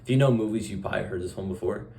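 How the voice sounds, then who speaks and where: A young man in a casual vlog monologue, talking in a rambling, offhand, deadpan way and acting out short bits of dialogue. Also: low-pitched, very fast, gravelly, slight background noise. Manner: acts out short dialogue exchanges. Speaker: vlogger.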